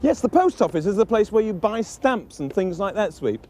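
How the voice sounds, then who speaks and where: British man, kids' presenter, playful and teasing, very lively pitch, hissy old tape. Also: moderate pace. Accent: British English. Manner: animated, teasing, patient. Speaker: children's TV presenter. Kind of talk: playful talk with a puppet.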